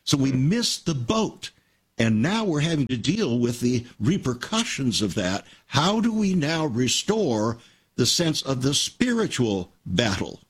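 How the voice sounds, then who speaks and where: A man's voice: mid-range voice, big pitch swings, unhurried, husky. An older man hosting a Christian radio talk show, telling stories earnestly and with emphasis.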